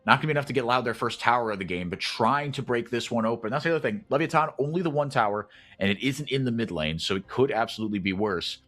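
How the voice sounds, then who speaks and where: A man calling esports play-by-play, chatty and rambling, who gets loud and excited when fights break out. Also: mid-range voice, quick pace, hardly any pauses. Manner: excitable, rises sharply in big fights. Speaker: play-by-play caster.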